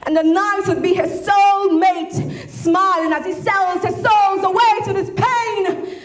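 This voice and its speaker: A woman performing an impassioned spoken word poem, at times shouting and lilting into a sing-song delivery. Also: very high-pitched, fairly even intonation, takes it slowly, soft background music. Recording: echoey room with faint ambient noise.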